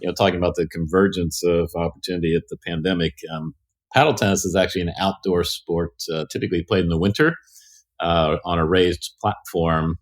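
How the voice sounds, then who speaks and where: Male executive guest, very low voice, relaxed, halting with fillers. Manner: easygoing, frequent "uh" pauses. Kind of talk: casual podcast chat.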